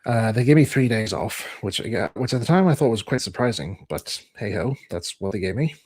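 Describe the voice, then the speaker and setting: A man's voice: on the low side, expressive, fairly quick, darkish tone, breathy edge, no echo. A man streaming, telling a rambling personal anecdote and acting out other people's lines in a raised voice.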